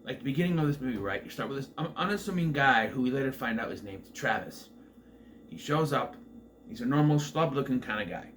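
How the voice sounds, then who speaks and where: Lively rambling man reviewing a movie. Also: medium pitch, a little fast, a little hiss or hum. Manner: rambling, offhand, swears freely. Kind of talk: casual spoiler review.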